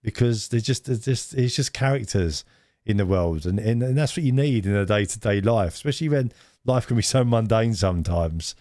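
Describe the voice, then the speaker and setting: A man's voice: on the low side, animated, moderate pace, darkish tone, no room sound, studio quality. A man co-hosting a casual podcast chat, telling rambling stories and laughing often. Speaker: podcast co-host.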